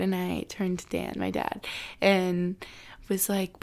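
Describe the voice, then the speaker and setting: Tearful young woman with a gravelly voice. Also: medium pitch, fairly even intonation, normal speed. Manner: tearful, heavy use of "like", soft breathy asides. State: near tears. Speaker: college student vlogger. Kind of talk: emotional personal storytelling.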